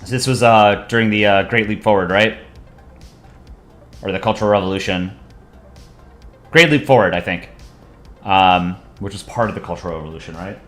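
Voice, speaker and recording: Laid-back guy rambling on a cartoon drawing stream, roomy echo, music low. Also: normal speed, long pauses. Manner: relaxed, rambling with fillers. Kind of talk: casual live stream chat. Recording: echoey room with faint music.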